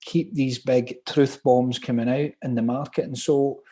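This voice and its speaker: A man's voice: mid-range voice, steady tone, measured pace, mellow. A man from Glasgow with a strong Glaswegian Scottish accent, leading an online property training session in a chatty, upbeat way and reading out viewer comments. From Scotland, Glasgow.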